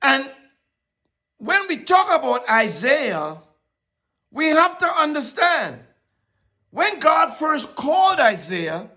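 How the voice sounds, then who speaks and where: A preacher giving a casual, animated sermon, laughing often and slipping in slangy asides. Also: high voice, slow, long pauses.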